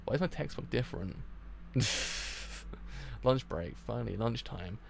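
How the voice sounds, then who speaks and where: A man with a gravelly voice reading a comic aloud live, in a casual way, stumbling and restarting often. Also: medium pitch, expressive, unhurried, a little hiss or hum.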